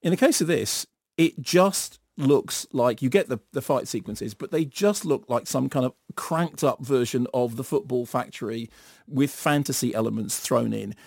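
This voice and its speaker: A middle-aged man giving an animated, sardonic film review in a radio studio, acting out bits in silly voices. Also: mid-range voice, normal speed, gravelly, breathy edge, dry recording. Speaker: film critic.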